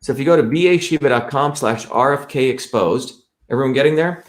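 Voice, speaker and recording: A man's voice: medium pitch, a little fast. A man hosting a live stream, talking emphatically and repeating his points as he walks viewers through a website. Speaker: host.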